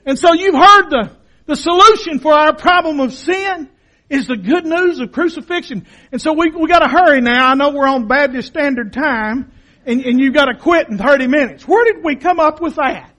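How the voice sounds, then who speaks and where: A man preaching a sermon as pastor, dramatic and impassioned, dropping to a hush and then rising to shouts. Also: very high-pitched, normal speed. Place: church sanctuary.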